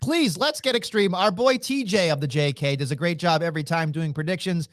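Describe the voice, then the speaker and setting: A man's voice: fairly high pitch, brisk, no echo, clean studio sound. A man co-hosting a podcast, talking in casual, joking banter and swearing freely. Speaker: podcast co-host.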